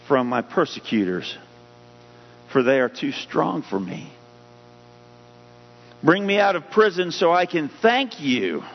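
Male pastor, sermon delivery, slightly high voice, punches up the scripture readings; muffled recording with long hall echo. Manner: preaching with rising emphasis on scripture readings. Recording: dull hum-laden audio with long hall reverb.

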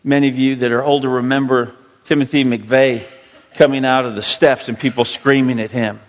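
A man preaching a sermon, reading scripture slowly and rising to pleading emphasis. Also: mid-range voice, level tone, dull audio. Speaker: pastor. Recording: long reverb of a large hall.

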